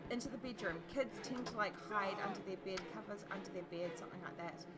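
A woman's voice: mid-range voice, quick pace, over music. A woman with a New Zealand accent, chatting and joking as she plays through a video game. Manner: chatty, swears, jokes at the screen. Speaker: let's play host. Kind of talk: casual gameplay commentary.

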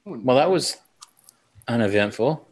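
A man in a casual group chat, animated and teasing, swearing for emphasis. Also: mid-range voice, a little slow.

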